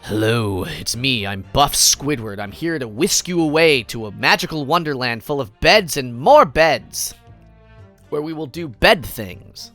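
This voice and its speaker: A woman putting on a muscular, suave male cartoon squid, crooning slowly in a low voice. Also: expressive, fairly bright tone, soft background music, heavily acted.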